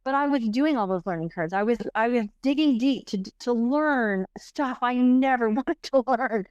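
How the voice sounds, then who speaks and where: A middle-aged woman, a podcast guest, telling a personal story in an animated, rambling way, full of restarts and fillers. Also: a little high, normal speed, clear, resonant tone, no room sound, lo-fi sound.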